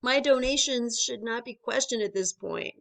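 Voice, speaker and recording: A woman's voice: fairly high pitch, moderate pace, vocal fry, fairly bright tone. A young woman doing conversational stand-up comedy, chatty with lots of filler words and rising asides to the crowd.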